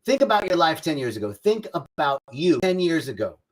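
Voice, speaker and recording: A man's voice: a little high, very animated, a little fast. A man hosting a live spiritual talk, singing bits of a love song and greeting viewers by name. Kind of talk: warm-up singing then casual spiritual talk. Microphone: livestream setup.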